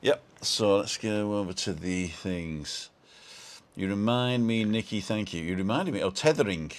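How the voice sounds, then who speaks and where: Middle-aged man, low voice, loose live-stream host chatting to viewers from home. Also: expressive, measured pace. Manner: rambling, greets viewers by name, chuckles often. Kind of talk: casual live-stream chat.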